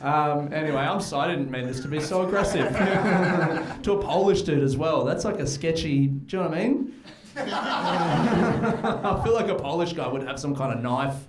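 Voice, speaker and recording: A man's voice: on the high side, animated, moderate pace, heavy background noise. A young Australian man doing stand-up comedy and crowd work, brash and profane, often laughing at his own jokes. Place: comedy club stage. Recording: roomy live club sound with crowd. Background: audience laughter.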